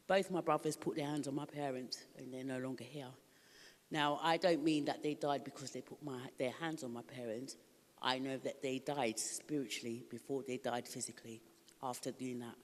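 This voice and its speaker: A woman's voice: very deep voice, steady tone, normal speed, long reverb tail. A middle-aged woman from Africa, giving a candid, emotional personal testimony at a recovery ministry, laughing often.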